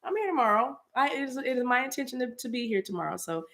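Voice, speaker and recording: A woman's voice: on the high side, expressive, rapid-fire, creaky, fairly bright tone. A woman hosting her own livestream, signing off to her viewers in a rambling, affectionate way that repeats phrases. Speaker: channel host. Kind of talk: casual livestream sign-off.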